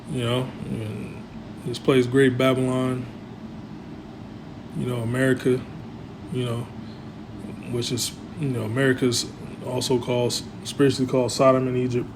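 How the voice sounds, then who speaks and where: Rambling male preacher over a hum. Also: mid-range voice. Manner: rambling, filler-heavy, trailing off quietly. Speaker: religious commentator. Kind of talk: religious commentary vlog.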